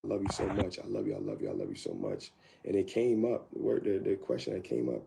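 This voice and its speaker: A deep-voiced man with a gravelly, dark tone recounts a past relationship in a candid interview. He speaks in halting bursts, restarting and repeating his words. His voice sits low and relaxed. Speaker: guest.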